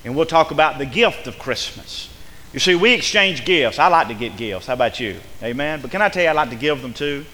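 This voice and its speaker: Male pastor, bright forceful voice, emphatic chanting sermon delivery, long church reverb. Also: on the high side, animated, fast talker. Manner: preacherly, rising to an emphatic chant. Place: church sanctuary.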